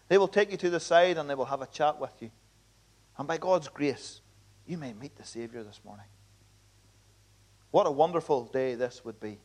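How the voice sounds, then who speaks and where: Earnest high-voiced preacher. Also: male voice. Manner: earnest, emphatic preaching with repeated appeals. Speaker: pastor. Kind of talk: sermon. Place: church.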